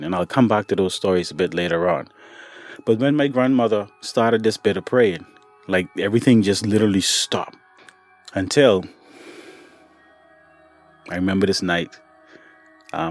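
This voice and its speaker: A man casually telling a personal story on a podcast, talking to the listener like a friend and calling him "buddy" and "boy". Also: low voice. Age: adult, grown since childhood events.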